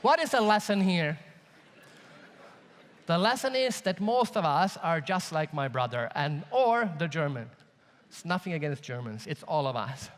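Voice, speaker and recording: A man from Sweden giving a live conference keynote, telling an animated story and asking the audience questions. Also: fairly high pitch, a little slow. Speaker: keynote speaker. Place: large conference hall. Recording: long reverb of a large hall.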